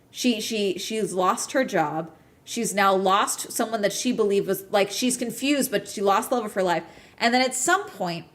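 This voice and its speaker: A woman talking casually on a podcast, swearing freely and breaking off to ask "okay?" as she retells a story. Her delivery is animated and quick to jump between details. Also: medium pitch. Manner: animated, profane, frequent "okay?" check-ins. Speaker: podcast host. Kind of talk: casual chat recapping a true-crime documentary.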